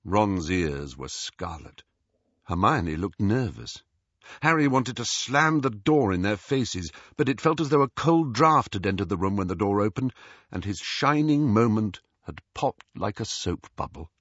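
Audiobook narrator: man, low husky voice, expressive, dull dry recording. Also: a little slow, no echo. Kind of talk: audiobook reading.

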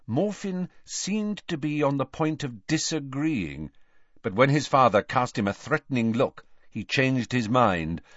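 A man narrating a story in a measured storytelling manner, in a dull, dry recording. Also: on the low side, dry recording. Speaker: audiobook narrator. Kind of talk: scripted narration.

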